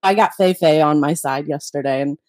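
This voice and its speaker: A woman's voice: deep voice, a little fast, no room sound, studio quality. Swearing, rambling young woman podcaster. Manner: rambling, swears a lot, animated. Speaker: podcast co-host. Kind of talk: casual chat.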